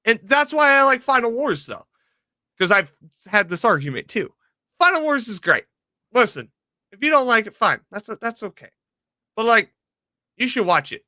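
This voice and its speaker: A man's voice: extremely high pitch, sing-song, normal speed, long pauses, bright, forceful tone, no room sound. A man co-hosting a casual podcast, telling rambling, profane stories. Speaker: podcast co-host. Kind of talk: casual chat.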